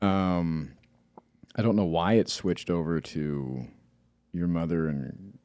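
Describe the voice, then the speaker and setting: A young podcast co-host speaking in a deep, relaxed voice, working his thoughts out aloud. The sound is dry and close, with no room echo. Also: slow pace. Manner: reacts with laughs and short interjections, then lays out his guesses thoughtfully. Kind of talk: casual chat.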